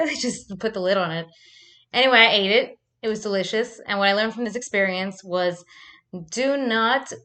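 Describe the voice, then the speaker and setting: A woman's voice: fairly high pitch, fairly bright tone. Profane, rambling woman vlogger. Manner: rambling, profane storytelling with frequent likes. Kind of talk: casual chat to camera.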